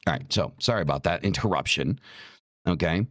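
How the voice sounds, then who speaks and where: A man's voice: low-pitched, lively intonation, a little fast, a bit bright, dry recording, studio quality. A middle-aged man hosting a talk show, speaking bluntly and profanely in a heated, repetitive rant. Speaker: podcast host.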